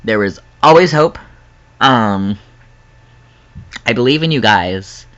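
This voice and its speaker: A man's voice: medium pitch, animated, slow, a bit bright, dull audio, a little hiss or hum. A young man rambling in an emotional, earnest personal vlog, laughing often. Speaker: vlogger.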